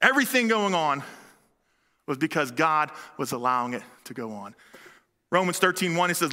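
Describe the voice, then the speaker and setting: A male preacher delivering a sermon in an animated, conversational way. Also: a little high, normal speed, pauses often. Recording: long hall reverb.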